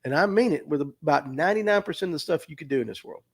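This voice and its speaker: The speaker is a middle-aged man from the US South who owns a tackle shop, talking on a livestream via a streaming mic. His voice sits on the high side and moves at a quick pace. Earnest and emotional, he repeats himself and seems near tears in heartfelt, casual talk.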